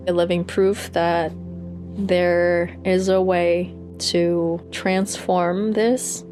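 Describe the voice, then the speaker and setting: A woman's voice: on the low side, a little mellow. A woman who works as an energy healer, telling her personal story in an earnest, reflective way. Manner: earnest, reflective, with laughs and sighs.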